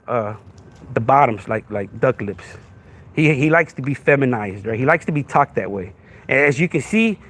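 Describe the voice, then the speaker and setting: A man's voice: mid-range voice, a little hiss or hum. A man, hosting a podcast livestream with a crude, confrontational rant that keeps asking "right?". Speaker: podcast host.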